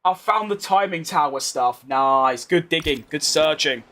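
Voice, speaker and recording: Lively London streamer playing a racing game. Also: male voice, fairly high pitch, unhurried. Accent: London English with a posh tinge. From England. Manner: chatty, reads chat aloud, rambling asides. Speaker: gaming streamer. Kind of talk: live racing game commentary.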